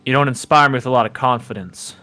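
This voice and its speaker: A man voicing a gruff, suspicious guard of a walled town, speaking curtly. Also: medium pitch, fast, bright, forceful tone, faint music behind, natural voice. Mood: wary. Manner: curt, suspicious.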